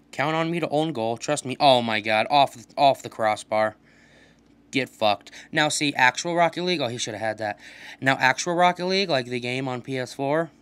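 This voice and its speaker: Profane, excitable young man gaming. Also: medium pitch. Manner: profane, excitable trash talk. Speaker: gaming channel host. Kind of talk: casual gameplay commentary.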